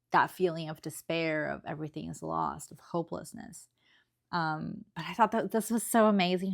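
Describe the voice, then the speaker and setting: A woman's voice: lowish voice, gravelly. A woman giving an earnest, emotional book review in a casual, chatty way, often checking in with tag questions.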